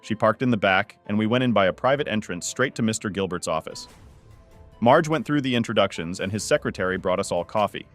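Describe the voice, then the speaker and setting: A man narrating a first-person family story in a steady, matter-of-fact way. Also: lowish voice, fairly quick, soft background music.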